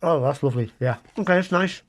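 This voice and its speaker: A fast-talking middle-aged man from Britain, his voice on the high side, vlogs about food. He chats casually and comically to camera during a taste test, muttering wry asides to those watching.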